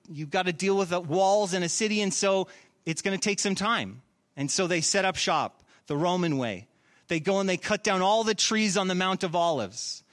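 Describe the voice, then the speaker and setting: A man preaching a sermon, animated and repeating phrases for emphasis. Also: high-pitched. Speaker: pastor.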